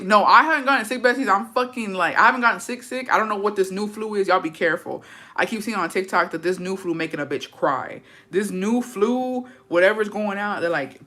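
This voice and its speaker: A woman's voice: fairly low pitch, sharp tone. A young woman hosting a casual livestream, gossiping and swearing freely while reading chat, dropping in Spanish words. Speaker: livestream host.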